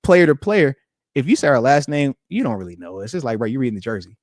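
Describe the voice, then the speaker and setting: A retired linebacker hosts a podcast, speaking quickly in a mid-range voice as he chats casually and acts out quotes with slangy banter. The recording is studio quality with no room sound.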